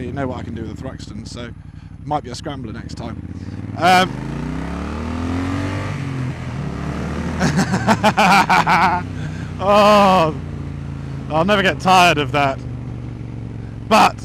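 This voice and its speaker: High-voiced rambling man. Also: measured pace, pauses often. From England. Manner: rambling, self-mocking and playful. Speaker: motorcycle vlogger. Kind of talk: casual chat to camera. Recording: loud road noise.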